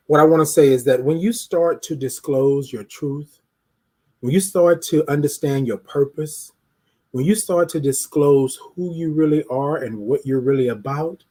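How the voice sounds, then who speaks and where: A high-voiced man with a husky edge hosts a live stream. He talks straight to his viewers with emphatic, preachy conviction and calls them to speak up. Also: darkish tone. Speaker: host of a live talk show. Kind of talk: motivational live-stream monologue.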